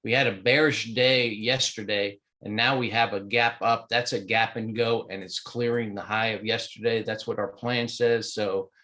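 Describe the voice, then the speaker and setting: A man's voice: lowish voice, steady tone, normal speed, hardly any pauses, bright, forceful tone. A man with a stuffy, sniffly nose, chatting casually through a live stock market walkthrough at home, rambling with plenty of fillers. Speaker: trading mentor. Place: home in Hawaii.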